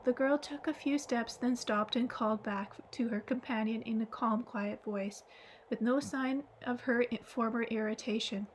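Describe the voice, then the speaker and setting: A woman narrating an audiobook at a steady pace, stumbling and restarting now and then. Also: fairly high pitch, normal speed, a little hiss or hum. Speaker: audiobook reader.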